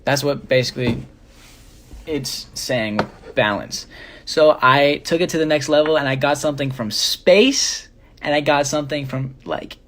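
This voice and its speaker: A man's voice: mid-range voice, a little slow, slight background noise. A young man chatting casually on a live stream, rambling with many fillers as he shows his jewelry. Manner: rambling, filler-heavy, relaxed.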